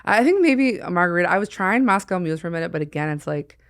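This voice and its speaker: A woman's voice: fairly low pitch, lively intonation, rapid-fire, dry recording, clean studio sound. A woman hosting a podcast, rambling and joking in casual chat and putting on silly voices for the people in her stories. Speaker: podcast host.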